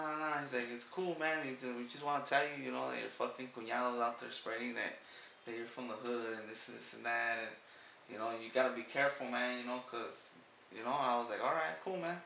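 A man's voice: medium pitch, gravelly, bright, forceful tone. A man in his thirties co-hosting a podcast, telling a story in a laid-back, profane, chatty way. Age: 30s. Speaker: podcast co-host. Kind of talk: casual storytelling. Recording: echoey room with faint noise.

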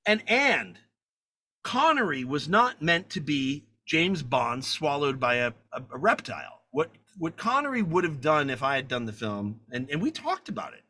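A man telling a story in a conversation, animated and profane, acting out the people he talks about. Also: on the high side, moderate pace. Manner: animated, profane, acts out the people in his stories. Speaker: guest filmmaker.

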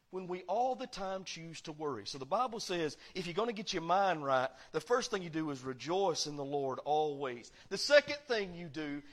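A man preaching a sermon as pastor, swinging between loud proclaiming and quiet, confiding asides. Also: fairly high pitch. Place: church sanctuary.

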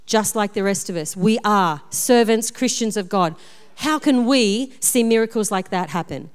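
A woman pastor preaching a sermon, telling personal stories in a lively, self-deprecating way. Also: mid-range voice, clear, resonant tone. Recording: long reverb of a large hall.

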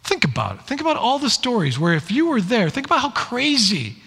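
A male pastor delivers his sermon in a high, lively voice that swoops as he tells the stories and plays each quoted line. His tone rings bright, and the sound carries a long reverb from the church room. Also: fairly quick, slightly rough. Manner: animated storytelling, acts out quoted lines.

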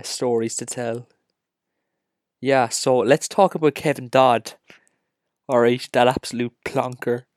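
An Irish man with a Cork accent hosting a solo podcast, ranting and joking in an excitable, casual way. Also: mid-range voice, no echo, clean studio sound. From Ireland. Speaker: podcast host.

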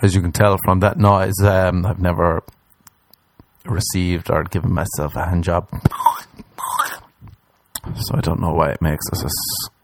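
A man from Ireland with an Irish accent, doing a crude comedic monologue that rambles and jumps into silly squeaky voices. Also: flat delivery, measured pace, gravelly, long pauses, slight background noise.

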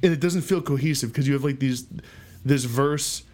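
A man's voice: medium pitch, moderate pace, a little mellow. Hesitant man co-hosting a podcast. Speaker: podcast co-host. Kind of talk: casual chat.

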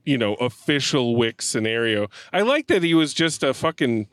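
A man in casual podcast chat about a film, talking with lively energy and bursting into laughter as he retells scenes. His voice sits at a middle pitch and sounds close and dry, with no room around it. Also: normal speed, dry recording. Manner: animated, laughing, profane. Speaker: podcast co-host. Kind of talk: casual movie review chat.

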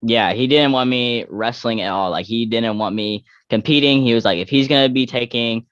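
A man's voice: medium pitch, normal speed, fairly bright tone, clear, resonant tone, no room sound. A young man from Texas, a guest athlete talking casually in an interview, rambling with many fillers and restarts. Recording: dull lo-fi dry recording.

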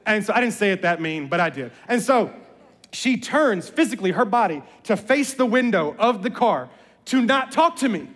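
High-voiced pastor in a reverberant hall. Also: male voice, normal speed. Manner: animated storyteller, jokes and voices family members. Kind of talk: sermon with personal stories.

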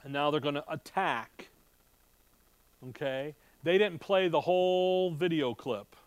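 A man's voice: a little high, unhurried, clear, resonant tone, no echo. A man teaching a conversational sermon to a room of listeners, talking casually with rhetorical questions and wry asides. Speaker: Bible teacher. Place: room with a live audience.

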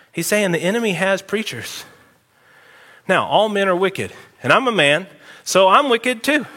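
A man with a high, bright, ringing voice delivers a sermon from the pulpit, swinging between quiet earnest passages and sudden emphatic bursts. His words ring out in a church sanctuary with a long hall reverb trailing behind them. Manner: animated, emphatic preaching with sudden loud outbursts. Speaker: pastor.

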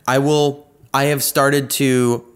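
A man's voice: mid-range voice, level tone, slow, smooth. A man hosting a casual conversation, reflective and thoughtful with some swearing. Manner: reflective, thoughtful, a little profane. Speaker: host.

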